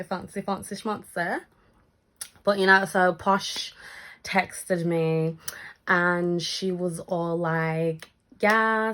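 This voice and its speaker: A young woman telling a casual storytime vlog, acting out the voices in her story and swearing freely. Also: lowish voice. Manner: animated, acts out quoted lines, swears casually. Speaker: storytime vlogger.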